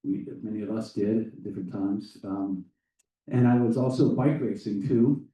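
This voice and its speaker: A man in his fifties giving welcoming remarks at a conference, telling a personal story in a halting, thoughtful way. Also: fairly low pitch, warm tone. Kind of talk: public speech with a personal story. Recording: echoey room, voice from a distance.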